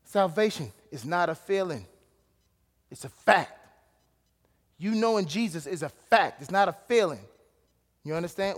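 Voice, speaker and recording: A man preaching a sermon, casual and direct, dropping to low asides and rising to shouted emphasis. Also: lively intonation, a little slow, long pauses. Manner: casual, calls out to listeners. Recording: long hall reverb.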